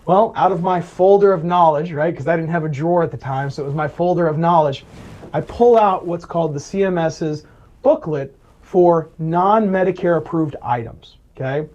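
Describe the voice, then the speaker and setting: A man's voice: a little high, moderate pace, darkish tone, lo-fi sound. A man being interviewed as a Medicare advisor, telling client stories with lots of "right?" and acted-out quotes. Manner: storytelling, acts out quoted voices, frequent "right?". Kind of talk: conversational interview.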